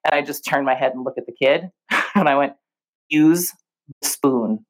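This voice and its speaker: A rumbling low voice and a fast delivery belong to this young adult woman, a podcast co-host. She's an animated storyteller in casual chat, often laughing and acting out the voices in her quotes.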